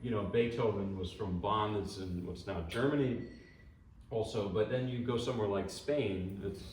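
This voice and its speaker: A man's voice: on the low side, moderate pace, darkish tone, distant mic, slight background noise. A man introducing pieces at a lecture recital, chatting casually with the audience and wandering into amused asides. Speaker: performer giving a lecture recital. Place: hall with live audience. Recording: echoey hall, speaker off-mic.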